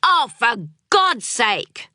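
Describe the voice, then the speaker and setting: A frazzled young dad, all nerves and guilt, read by a woman. He lurches between sharp outbursts and tearful apology in a bright, clear voice. The recording is dry and close. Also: sits high, very animated, a little slow, no echo, pitched above the performer's own voice, heavily acted. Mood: upset, apologetic. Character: frazzled, guilt-ridden young father, agitated.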